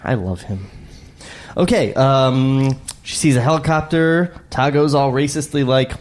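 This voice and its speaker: A man's voice: mid-range voice, measured pace, darkish tone. A man co-hosting a comedy table read, reading stage directions with profane, irreverent asides.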